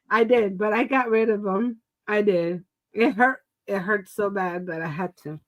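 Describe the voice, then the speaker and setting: A woman's voice: on the high side, slow, pauses often, highs cut off. A middle-aged woman co-hosting a casual talk stream, telling a story with lots of laughter and acted-out quotes. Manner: animated storyteller, laughs often, acts out quotes. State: asthma and COPD.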